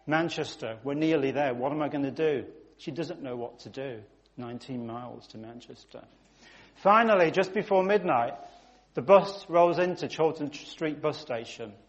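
A man, preaching a sermon through vivid, emphatic storytelling that rises suddenly in volume. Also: medium pitch.

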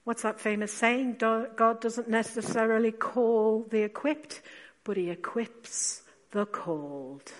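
A woman preacher giving a sermon, speaking slowly and with emphasis, asking rhetorical questions and dropping to quiet asides. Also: on the high side. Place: church. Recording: long church reverb.

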